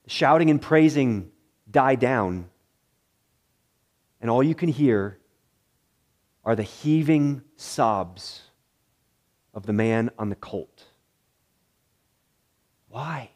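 A male pastor with a medium-pitched voice preaches a sermon, swinging between loud excitement and hushed, somber tones and repeating phrases deliberately.

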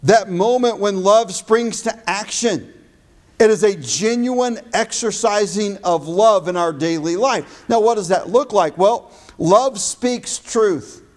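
A male pastor preaching a sermon, stressing key phrases emphatically and slowing down on them. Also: sits high, a little mellow.

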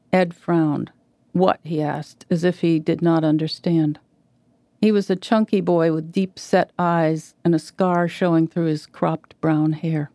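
A woman reading a short story aloud in a measured way, lightly voicing the characters' dialogue. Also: on the low side, steady tone, dark tone, dry recording. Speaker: reader.

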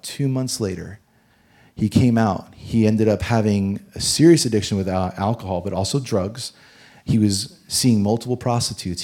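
Male pastor, husky voice, animated sermon storyteller. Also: fairly low pitch. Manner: animated storyteller, swings from loud to hushed.

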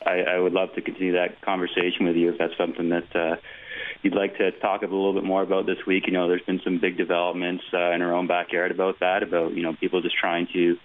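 Deep-voiced man calling in by phone. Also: monotone, fast talker. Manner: rambling, hesitant, full of fillers. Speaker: caller. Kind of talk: call-in talk radio. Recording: tinny phone line.

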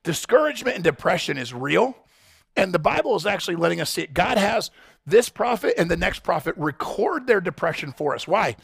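Pastor guy preaching, high voice with a lot of gravel, dry close sound. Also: big pitch swings, a little fast, fairly bright tone, no echo. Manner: passionate, repetitive, direct address to congregation. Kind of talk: sermon.

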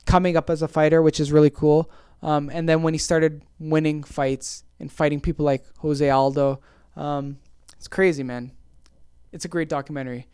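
A man's voice: on the high side, a little mellow, clear, resonant tone, no echo. A man hosting a casual solo podcast, rambling and self-deprecating with many fillers. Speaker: podcast host.

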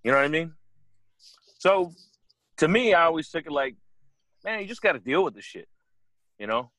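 Young male podcast co-host, raised-pitch voice with big swings, dry close sound; storyteller who swears freely and acts out the voices in his story. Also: sing-song, normal speed, fairly bright tone, no echo.

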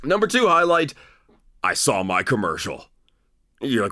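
A man's voice: mid-range voice, a little slow, no echo, clean studio sound. A man hosting a podcast, talking through a wrestling review in a casual, opinionated way with lots of restarts. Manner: animated, opinionated, frequent restarts and fillers. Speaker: podcast host.

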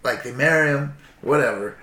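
A man's voice: medium pitch, moderate pace, sharp tone, slight background noise. Tipsy man rambling through history, roomy echo. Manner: profane, rambling, acts out voices. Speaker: storyteller in casual chat. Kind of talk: casual drunken history chat.

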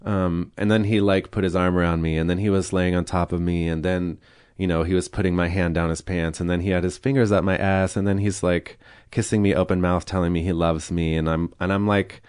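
This is a man with a deep, low-pitched voice, recorded in a dry setting with no room echo. He speaks frankly as a podcast guest. He tells a personal story, slips into quoted dialogue and breaks it up with uneasy laughter. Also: steady tone, a little fast, hardly any pauses, darkish tone, clear, resonant tone. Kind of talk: candid interview storytelling.

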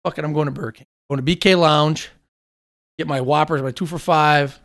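Animated, foul-mouthed man telling stories. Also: on the high side, brisk. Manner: animated storyteller, swears freely. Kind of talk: casual chat.

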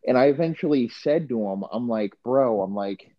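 Foul-mouthed male podcast co-host, a rambling storyteller, mid-pitched voice, dull lo-fi recording. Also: expressive, normal speed. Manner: crude, rambling storyteller with many restarts. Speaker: podcast co-host, former football coach. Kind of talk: casual podcast chat.

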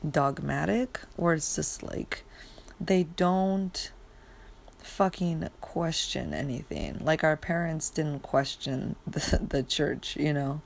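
A sleepy young woman rants on in a low, gravelly voice. She rambles through fillers and restarts, drops curses, and trails off as she yawns. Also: a little hiss or hum. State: sleepy, yawning. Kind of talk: casual rant monologue.

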